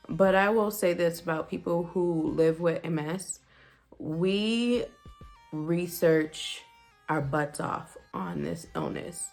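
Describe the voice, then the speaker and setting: A woman vlogger telling a candid personal story in a chatty, animated way. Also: lowish voice. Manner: chatty, animated, with frequent fillers and quoted dialogue.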